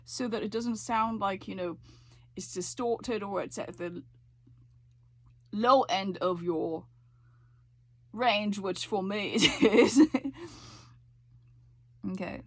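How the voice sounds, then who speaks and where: A woman's voice: mid-range voice, slow pace, pauses often, dry recording. A woman teaching a voice lesson, coaching with frequent check-ins and sung demonstrations. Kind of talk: singing lesson explanation.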